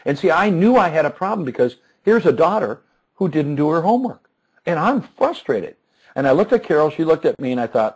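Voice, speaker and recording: Husky man telling stories, chuckling. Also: fairly high pitch, big pitch swings, a little fast, a little mellow, low-quality recording. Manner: chuckling, restarts and repeats words. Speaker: success coach and speaker. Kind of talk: animated storytelling interview.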